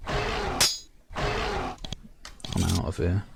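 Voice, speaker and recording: A man's voice: very slow, heavy background noise. A man playing a fantasy game, reading its narration aloud with wry asides. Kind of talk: let's-play commentary reading game text.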